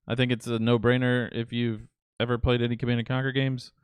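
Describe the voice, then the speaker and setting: Smooth-voiced joking podcast co-host man. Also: mid-range voice, level tone, no room sound. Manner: joking, easygoing, quick banter. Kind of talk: casual podcast chat.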